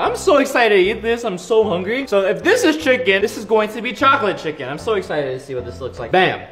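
A young man chatting excitedly through a casual food taste-test vlog, full of tasting noises and quick reactions. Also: high voice. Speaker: vlogger. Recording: echoey room with background music.

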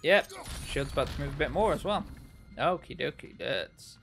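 A man's voice: on the high side, expressive, normal speed, vocal fry, a bit bright, soft background music. A man giving sarcastic, chatty commentary while playing a video game and talking back to its characters. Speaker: let's play gamer. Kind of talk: casual gameplay commentary.

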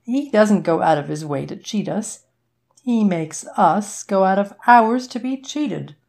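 A woman reading aloud, voicing a shrewd, wealthy businessman who explains things in a measured, deliberate way. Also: medium pitch, animated, vocal fry, a little mellow. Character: shrewd wealthy older businessman, quick-tempered.

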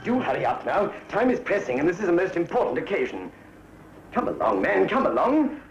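Fussy pompous governor, flustered and fluttery, sing-song voice, roomy echo, muffled old film sound. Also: male voice, sits high, very animated, brisk, loud music behind the voice. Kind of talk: 1950s film comedy acting.

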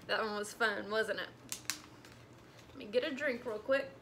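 A woman librarian reading a storybook aloud to children in an animated way, speaking to them directly. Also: medium pitch, normal speed, slight background noise.

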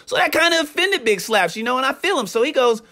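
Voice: high-pitched, expressive, fast, pushed and bright. A young adult streamer giving indignant reaction commentary, ranting and repeating rhetorical questions.

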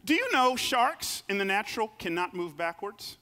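A man's voice: sits high, normal speed. A man preaching a sermon as pastor, telling stories and acting out the voices of the people in them. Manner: lively storytelling preacher, acts out quoted voices. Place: church sanctuary. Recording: long reverb of a large hall.

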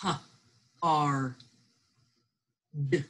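A woman teacher giving a remote phonics and spelling lesson, slowly sounding out letters and words and encouraging her absent students. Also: sits low, steady tone, a bit bright.

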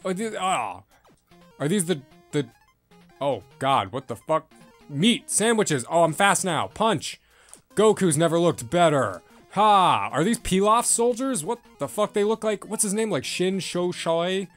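A man commenting on a retro game as he plays, swearing and reacting loudly. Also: sits high, expressive, a little slow, soft background music. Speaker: gameplay streamer. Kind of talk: excitable let's-play commentary.

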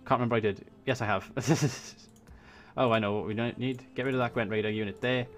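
A man's voice: mid-range voice, steady tone, brisk, soft background music. A Welsh man casually thinking aloud as he commentates a strategy game, swearing when surprised. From Wales. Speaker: gaming YouTuber. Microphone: desk USB microphone.

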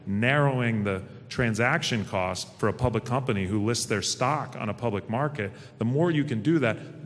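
Folksy low-voiced exchange executive. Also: male voice. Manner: folksy, confident storyteller. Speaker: stock exchange president, panel guest. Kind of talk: fireside chat on a stage. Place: event hall. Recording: long hall reverb.

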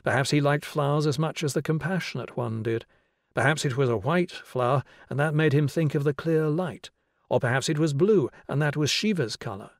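A man narrating a novel as an audiobook in a measured, even storytelling manner. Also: a little high, no echo, studio quality.

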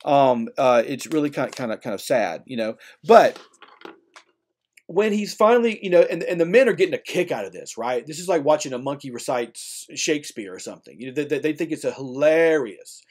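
A man's voice: fairly high pitch, brisk. A man lecturing a class on literature in a conversational way, often checking in with "okay?" and "right?". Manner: animated, acts out voices when retelling.

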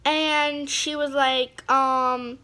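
A woman's voice: sits high, level tone, very slow, bright, forceful tone. A female vlogger chatting casually to the camera, rambling with lots of fillers and restarts.

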